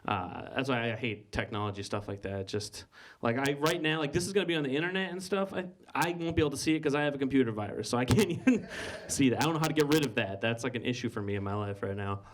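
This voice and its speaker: A man's voice: mid-range voice, expressive, fast talker. A man doing stand-up comedy on a club stage, rambling and stammering, with lots of "like" and restarts.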